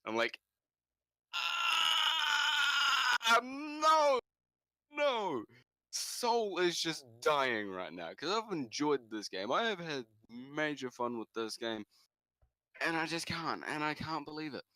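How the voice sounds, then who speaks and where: Lively man telling a story, bright voice. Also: normal speed, dry recording. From New Zealand. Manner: animated, jumps into high shouts for quoted lines. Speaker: podcast co-host. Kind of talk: casual storytelling.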